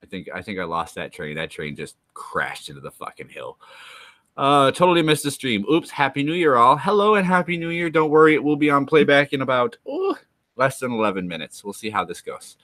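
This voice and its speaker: A man's voice: medium pitch, very animated, a little fast, fairly bright tone, no echo. A man streaming live, rambling and joking through loose asides to his chat.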